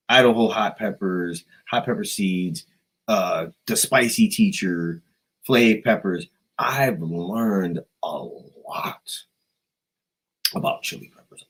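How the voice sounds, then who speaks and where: An American man rambling profanely on a livestream, jumping between loud outbursts and quiet asides. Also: on the low side, breathy edge, rough recording. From United States. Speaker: livestream host. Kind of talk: rambling casual livestream chat.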